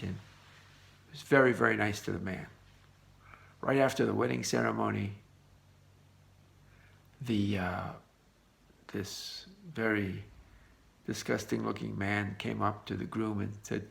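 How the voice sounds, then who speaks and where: A man teaching a Torah lesson, retelling a story in a lively way with frequent restarts. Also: on the low side, slow pace, creaky, pauses often.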